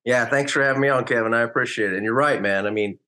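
A middle-aged man, a former pro ballplayer, telling stories as a guest in a relaxed, anecdotal way and acting out quotes. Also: mid-range voice, fast. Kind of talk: casual interview storytelling.

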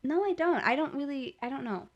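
A woman's voice: high voice, expressive, a little fast, dull audio. A woman from the Midwest co-hosting a podcast, chatting and teasing with lots of "like". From Midwest US, Milwaukee. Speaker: podcast co-host. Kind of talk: casual podcast chat.

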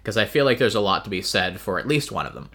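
A man co-hosting a book podcast in casual chat, relaxed, thinking aloud with "uh" and "um". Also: on the low side, fast.

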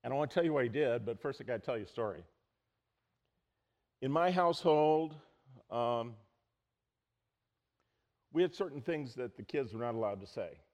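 A man's voice: medium pitch, normal speed, long pauses. Storytelling man preaching a sermon. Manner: storytelling, animated, acts out quotes loudly. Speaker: pastor.

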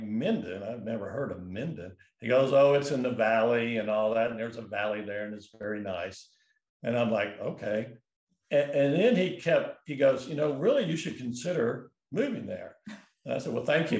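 A man's voice: medium pitch, a little fast, a little mellow, roomy sound. A man telling a long personal story in a casual, rambling way, full of restarts and fillers. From California. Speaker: guest.

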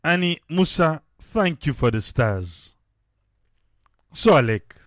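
A man speaking with a Sierra Leonean Krio accent delivers political commentary in a lively, swinging voice that rises higher than most. He talks slowly and repeats phrases for emphasis. The sound is close and dry, with no room echo. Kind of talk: casual commentary to camera.

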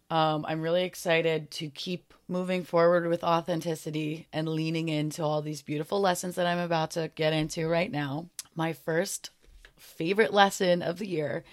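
Low-voiced earnest woman podcaster. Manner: earnest and heartfelt, a little emotional at times. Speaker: podcast host. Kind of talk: reflective solo podcast talk.

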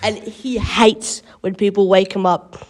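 Teen Aussie boy, lively storyteller, casual swearing podcast chat. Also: sits high, measured pace. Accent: Australian. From Australia. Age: teens. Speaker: podcast co-host.

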